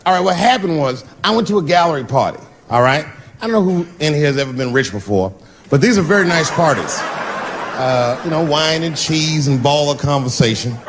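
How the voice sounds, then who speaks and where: A man doing stand-up, telling a story in a profane, animated way and swinging his pitch sharply for the voices he quotes. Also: fairly quick, slight background noise. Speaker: stand-up comedian.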